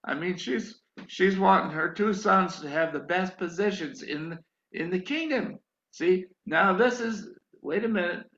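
An older man preaching a sermon, telling his own story in a slow, drawn-out, emphatic way. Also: sits high, a bit bright. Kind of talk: sermon with personal testimony. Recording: echoey, dull lo-fi recording.

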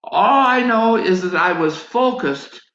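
A man's voice: high voice, lively intonation, takes it slowly, sharp tone. A man preaching a sermon, telling a personal story and acting out his own prayers. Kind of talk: sermon testimony. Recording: echoey, dull lo-fi sound.

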